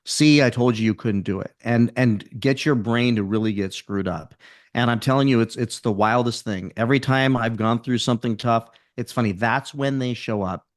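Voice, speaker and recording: A man's voice: medium pitch, normal speed, no echo, studio quality. A man speaking as a guest on a podcast, talking in an intense, driving pep-talk way as a motivational speaker. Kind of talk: podcast interview.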